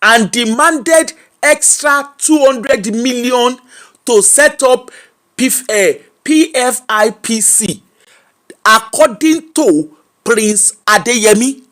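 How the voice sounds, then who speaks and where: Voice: medium pitch, a bit bright. A host with a Nigerian accent giving chatty, mocking live commentary on the news, repeating phrases for emphasis. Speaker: host of an online gossip and news show. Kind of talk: live-streamed commentary reading viewers' comments.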